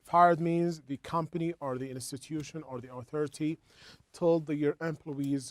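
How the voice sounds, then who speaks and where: A man teaching an English lesson, explaining slowly and repeating words as he goes. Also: fairly high pitch, steady tone, no room sound.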